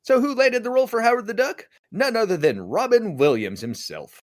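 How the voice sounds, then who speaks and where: A man co-hosting a casual podcast tells a story and animatedly acts out the voices of the people he quotes. He has a high-pitched voice and a brisk delivery, with noise in the background.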